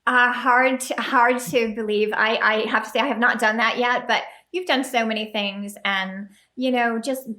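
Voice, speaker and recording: A woman's voice: fairly high pitch, fairly even intonation, moderate pace, hardly any pauses, sharp tone. A woman hosting a podcast interview, reacting with enthusiasm and affirming her guest. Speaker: podcast host. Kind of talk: casual interview chat.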